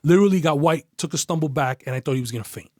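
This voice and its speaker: A man, a retired detective as a podcast guest, telling a story in a casual, profane, animated way. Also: on the high side, racing, no echo, studio quality. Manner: profane, animated, acts out quoted voices.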